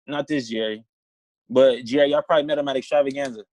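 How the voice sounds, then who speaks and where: A young man on a video call, telling his story in a casual, animated way and acting out both sides of phone calls. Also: mid-range voice, quick pace, dry recording, poor audio. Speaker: distributor sharing his story on a team call.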